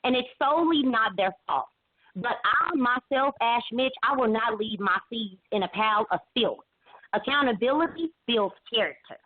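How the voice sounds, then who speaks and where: A woman's voice: a little high, animated, dry recording. Woman caller on a tinny phone line. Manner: halting, many restarts and fillers. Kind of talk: emotional call-in account.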